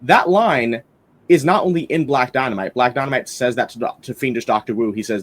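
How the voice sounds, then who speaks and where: A man's voice: mid-range voice, fairly quick. A man hosting a casual film-review podcast, rambling enthusiastically with lots of fillers and restarts.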